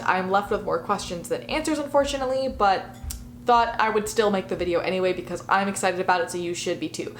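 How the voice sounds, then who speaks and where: Bubbly fast-talking young woman vlogger. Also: mid-range voice. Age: early 20s. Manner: bubbly and enthusiastic. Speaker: vlogger and media analyst. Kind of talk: casual chat. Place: indoor room in front of a bookshelf. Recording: roomy echo with faint hiss.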